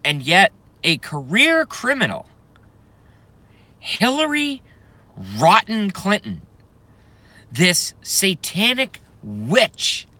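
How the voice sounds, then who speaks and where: A man from the United States delivering an angry, profane rant to camera, breaking into shouted bursts. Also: on the high side. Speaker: vlogger.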